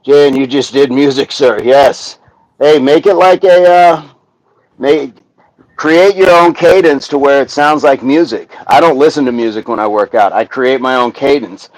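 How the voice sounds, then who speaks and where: A man's voice: mid-range voice, moderate pace, no echo, poor audio. Man counting reps on a workout stream. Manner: counts reps aloud in steady pairs, upbeat and joking with viewers. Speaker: fitness coach hosting a live workout.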